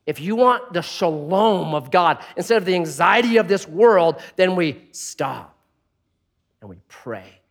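Lively high-voiced male preacher. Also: unhurried, gravelly. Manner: animated storytelling with jokes; drops to soft tones for prayerful points. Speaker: pastor. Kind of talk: sermon.

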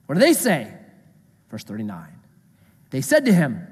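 A man in his thirties preaches with a high, lively voice that has a slight husk. His delivery swings from casual storytelling to slow, weighty scripture reading. He is heard in a church hall with a long, echoing reverb. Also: slightly rough. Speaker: pastor. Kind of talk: sermon.

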